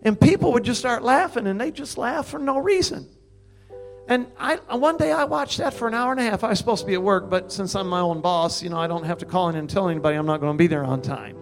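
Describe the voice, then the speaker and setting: An older man preaching, telling a story in an animated way and breaking into loud laughs and high exclamations. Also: fast, gravelly, faint music behind. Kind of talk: sermon testimony.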